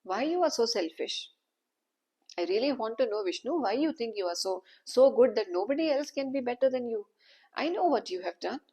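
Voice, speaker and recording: Woman storyteller as an enraged male sage, accusing, gravelly edge, husky tone. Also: mid-range voice, moderate pace, darkish tone. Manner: bitter, accusing outbursts. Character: proud male sage, wounded and furious.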